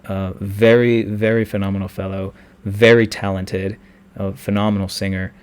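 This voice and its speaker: A young man telling a personal story in a halting way, with many restarts and fillers. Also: fairly low pitch, flat delivery, smooth.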